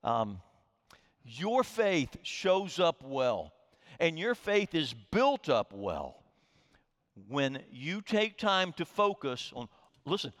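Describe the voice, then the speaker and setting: Male pastor, higher-pitched voice, animated emphatic sermon delivery, long hall reverb. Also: smooth. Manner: earnest, emphatic preaching with rising and falling delivery.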